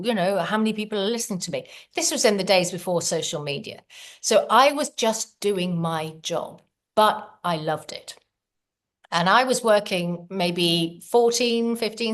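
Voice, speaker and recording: A middle-aged woman, a podcast guest, telling her story in an earnest, animated way. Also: mid-range voice. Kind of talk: casual storytelling.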